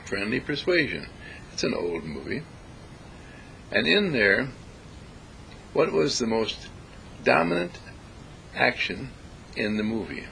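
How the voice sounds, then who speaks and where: A man giving a reflective spiritual talk, deliberate and emphatic, repeating phrases to stress them. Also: medium pitch, big pitch swings, creaky, pushed and bright, slight background noise, poor audio. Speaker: spiritual speaker.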